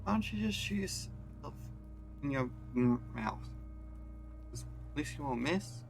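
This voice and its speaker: A man's voice: on the high side, animated, unhurried, gravelly, soft background music, voice pushed up. Kuno: man doing a jeering foul-mouthed boy. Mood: taunting. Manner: jeering, crude insults. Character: foul-mouthed taunting young boy, cruel.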